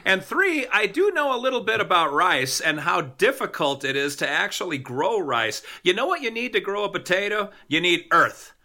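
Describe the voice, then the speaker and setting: A man with a high, gravelly voice argues a silly food debate with mock outrage. His bright, edgy tone swoops up and down as he rants. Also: big pitch swings, normal speed, few pauses. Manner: playful, exaggerated and mock-indignant. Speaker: podcast co-host. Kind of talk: comedic debate banter.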